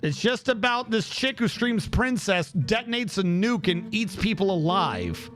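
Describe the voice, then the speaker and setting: A man's voice: high-pitched, very animated, measured pace, a bit bright, faint music behind. A man streaming a game, chatting casually in a rambling, incredulous way, with lots of restarts and asides.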